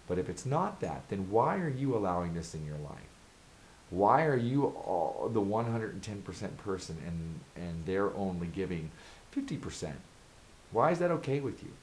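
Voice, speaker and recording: A man with a notably deep voice talks straight to his viewers in an advice vlog. He is earnest and emphatic, circling back again and again to the same pointed questions. A faint hiss sits under the recording. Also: darkish tone, rough recording. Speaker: vlogger giving advice. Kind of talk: direct-to-camera advice monologue.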